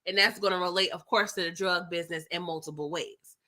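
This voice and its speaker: A woman hosting a live TV episode recap, talking in an animated, slangy, chatty way. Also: lowish voice, fast talker. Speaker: TV recap host.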